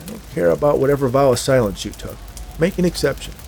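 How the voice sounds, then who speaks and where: A man voicing a desperate escaped male convict, pleading and angry, rising to shouts. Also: mid-range voice, sing-song, a little fast, gravelly, slight background noise, pitched above the performer's own voice.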